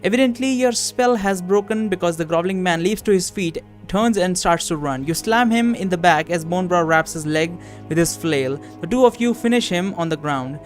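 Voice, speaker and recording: A man reads a medieval fantasy text game aloud in a somewhat high voice. He slips out of the narration into relaxed comments full of fillers. Soft music plays underneath. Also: moderate pace, few pauses. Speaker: player reading a text adventure aloud. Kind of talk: reading game text with casual asides. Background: background music.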